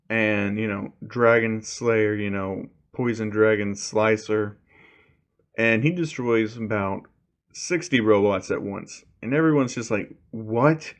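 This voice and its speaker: A man casually retelling a fan story, rambling with lots of fillers. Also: on the low side.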